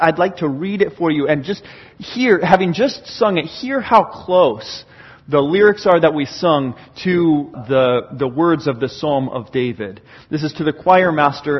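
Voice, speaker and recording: A man's voice: mid-range voice, husky. A pastor giving a sermon, earnest and thinking aloud, often repeating words as he goes. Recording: dull lo-fi sound.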